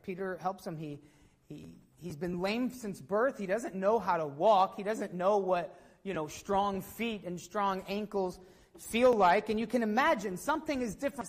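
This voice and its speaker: Woman preaching a lively sermon. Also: medium pitch, long reverb tail. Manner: animated storytelling, asks the congregation questions.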